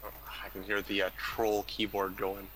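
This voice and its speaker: A man's voice: fairly low pitch, monotone, normal speed, fairly bright tone, slight background noise. A man co-commentating a live strategy game, playful and self-deprecating, with keyboard typing behind him. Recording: clear keyboard clicks behind.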